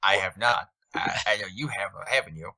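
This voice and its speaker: A man co-hosting a podcast, chatting casually with halting starts and quiet wry lines. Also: sits low, vocal fry, dry recording. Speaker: podcast co-host. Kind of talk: casual chat.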